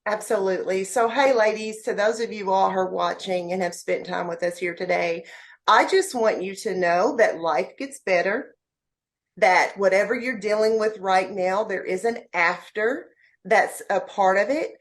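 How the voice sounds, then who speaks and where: A woman's voice: medium pitch, moderate pace. A woman guest on a podcast, speaking heartfelt and motivational words straight to the listeners. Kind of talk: podcast interview.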